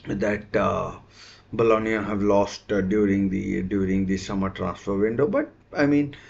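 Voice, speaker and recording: A man's voice: lowish voice, a little slow, gravelly, a little mellow, highs cut off. A man hosting a live football watchalong stream, talking casually with many fillers and self-corrections.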